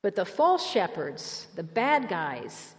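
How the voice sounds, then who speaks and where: A woman's voice: mid-range voice, big pitch swings, slow. Woman teaching a Bible lesson, echoing hall. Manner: emphatic, asks the listeners questions. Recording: dull, hall reverb.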